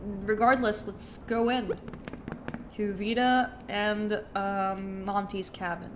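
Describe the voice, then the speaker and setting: A woman's voice: mid-range voice, little pitch movement, slow pace, background noise. A woman streamer with a cold, chatting through a story game and thinking aloud with many fillers. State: has a cold. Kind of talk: casual game playthrough commentary.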